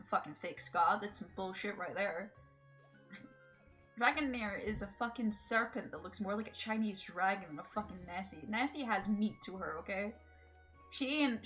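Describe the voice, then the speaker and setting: Scottish woman streaming games, bright voice, chatty and sweary, laughs a lot. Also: mid-range voice. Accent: Scottish, between Edinburgh and Glasgow. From Scotland. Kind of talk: casual live-stream chat while gaming.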